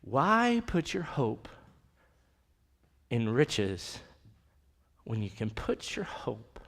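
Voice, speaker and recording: A man's voice: medium pitch, big pitch swings, takes it slowly, vocal fry, long pauses, a bit bright, in a large hall. A man preaching a conversational sermon as pastor, often dropping to a near whisper for emphasis. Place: church sanctuary.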